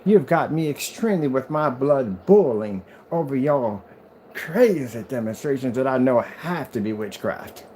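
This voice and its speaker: A prim Southern-accented hater pours out genteel, drawn-out indignation, as a man puts the voice on. The delivery is slow and pitched high, with lively swoops. A faint hiss sits behind it. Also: lightly acted. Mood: indignant. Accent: Southern US (put on).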